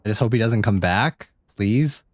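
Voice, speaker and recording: A man streaming a horror game live, reacting out loud, swearing and chatting to viewers. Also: on the low side, moderate pace, no room sound. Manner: jumpy, swears often, chats to viewers. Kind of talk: live gameplay commentary.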